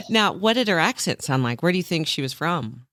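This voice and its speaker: Woman podcast host, animated, curious, dry close sound. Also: low voice, dry recording. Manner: curious, explaining asides. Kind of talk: interview and commentary.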